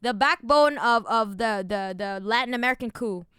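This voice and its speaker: A woman streamer reading documents aloud and ranting at them, angry and profane, shifting between low muttered reading and loud outbursts. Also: moderate pace, clean tone, dry recording, clean studio sound.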